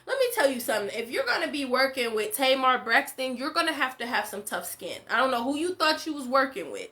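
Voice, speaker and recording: A woman's voice: sits high, very animated, a little fast, few pauses, bright, forceful tone. A woman hosting a casual reality show recap, opinionated and emphatic, full of "like" and "you know". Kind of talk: casual reaction commentary.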